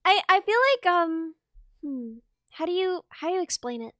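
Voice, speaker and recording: A woman streamer chatting casually on a livestream, bubbly and excitable, quick to laugh. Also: extremely high pitch, no room sound, studio quality.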